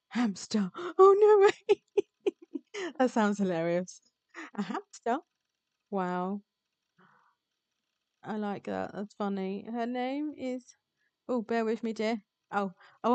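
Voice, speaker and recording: A woman's voice: on the high side, darkish tone, no echo. Chatty woman streaming a visual novel. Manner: chatty, reads game text aloud, laughs often. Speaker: VTuber streamer. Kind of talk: live-streamed visual novel read-along.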